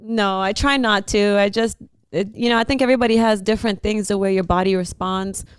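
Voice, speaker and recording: A young woman from Houston, an actress, recounting her story as an interview guest. Her voice is smooth and clean, sitting at a middle pitch. She tells it animatedly, close on a dry mic with no room sound. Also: fairly quick, no room sound. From Houston, Texas. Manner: animated storyteller with frequent laughs. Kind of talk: casual interview chat.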